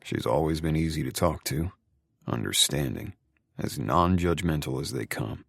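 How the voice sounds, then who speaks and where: A man's voice: extremely low pitch, moderate pace, creaky, breathy edge, dry recording, clean studio sound. A man narrating a first-person romance audiobook in a brooding, intimate way.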